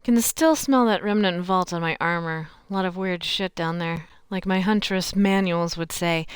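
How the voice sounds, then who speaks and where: A woman's voice: on the low side, clear, resonant tone, no echo, close to an everyday voice. A woman voicing a curious, reflective alien huntress in a video game, heard as game audio.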